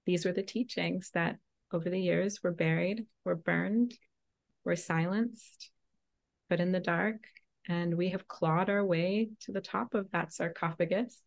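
Gravelly-voiced woman priestess, fervent. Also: fairly low pitch, fairly even intonation, a little slow. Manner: fervent, preaching cadence. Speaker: podcast guest, priestess. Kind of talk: impassioned spiritual explanation.

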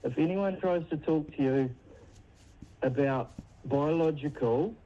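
A man's voice: a little high, a little slow, muffled recording. A man with a New Zealand accent calling a talkback show, rambling and insistent. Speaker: caller. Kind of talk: phone-in call.

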